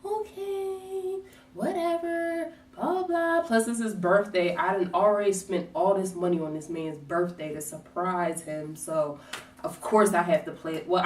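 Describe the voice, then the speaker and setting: Animated woman telling a story, roomy echo. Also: fairly low pitch, moderate pace. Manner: animated, swears, acts out quotes. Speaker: vlogger. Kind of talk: storytime vlog. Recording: roomy echo, distant from mic.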